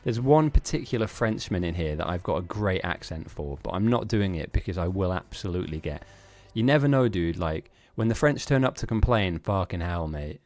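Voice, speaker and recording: A man's voice: deep voice, lively intonation, brisk, hardly any pauses, darkish tone, no room sound. A man hosting a live-streamed game tournament, chatting casually in a rambling, self-mocking way with frequent laughs.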